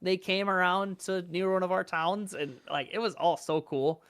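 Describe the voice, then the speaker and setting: A man's voice: high voice, fairly even intonation, normal speed, fairly bright tone, clean tone, no room sound, clean studio sound. Young man, eager storyteller. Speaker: podcast guest. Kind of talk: casual chat.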